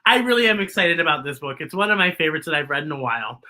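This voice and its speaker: A woman hosts a children's story time, reading a picture book aloud in a playful, animated way and talking straight to the young listeners. Her voice sits a little low but sounds bright, and her pitch swings widely. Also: very fast.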